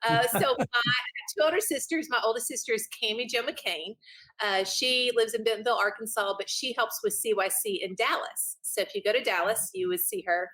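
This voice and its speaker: A woman, a podcast guest telling a story in a lively way and acting out what others said. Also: on the high side, fairly quick. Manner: animated, laughing, acts out quotes. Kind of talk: casual storytelling.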